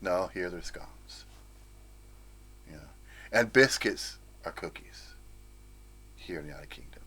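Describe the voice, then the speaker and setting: A man's voice: deep voice, very animated, moderate pace, long pauses, fairly bright tone, breathy edge. A man from the United States giving an informal, rambling spiritual talk, with frequent chuckles and playful asides. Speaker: spiritual teacher.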